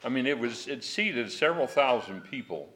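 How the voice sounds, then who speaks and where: A man's voice: medium pitch, sing-song, moderate pace, background noise. A man teaching a Bible class in a folksy, digressive way, chuckling often.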